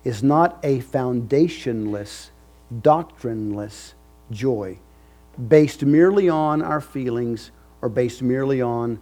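A man's voice: mid-range voice, slow pace, mellow. A male pastor preaching a sermon with an emphatic, repetitive cadence.

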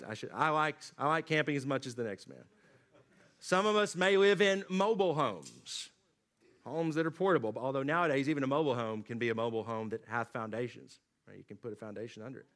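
A man preaching a sermon, swinging from loud emphatic lines to low, quiet drops. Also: lively intonation, normal speed. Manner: dynamic preaching, rising emphatic then dropping low and quiet. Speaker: pastor.

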